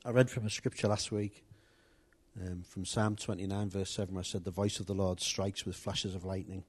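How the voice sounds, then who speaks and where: Conversational male preacher, slightly low voice. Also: fairly even intonation, moderate pace, breathy edge. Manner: conversational, with restarts and asides to the congregation. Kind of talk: informal sermon.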